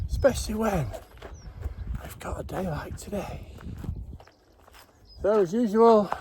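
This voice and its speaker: A man's voice: high-pitched, dark tone, a little hiss or hum. An older man, rambling chattily through a casual vlog. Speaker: gas training vlogger.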